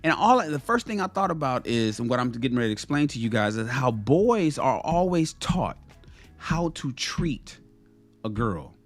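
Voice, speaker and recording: Animated man telling a story. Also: mid-range voice, moderate pace, faint music behind. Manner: animated, repeats and restarts phrases. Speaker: motivational vlogger. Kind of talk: casual storytelling monologue. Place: home in Los Angeles.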